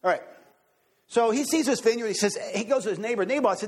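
A pastor preaches with great energy and excitement, talking fast in a voice that sits fairly high for a man. His tone is husky and slightly rough, and he keeps breaking off for animated asides to the congregation.

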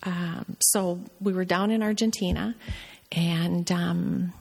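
Middle-aged woman sharing her testimony at church, gravelly voice, long hall reverb. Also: fairly low pitch, steady tone, a little mellow. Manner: halting, full of restarts and fillers. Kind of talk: rambling personal testimony.

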